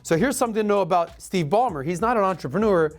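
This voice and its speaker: A man's voice: sits high, expressive, quick pace. Breezy man hosting a money podcast. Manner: breezy, joking asides. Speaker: podcast host. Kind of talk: casual rapid-fire rundown.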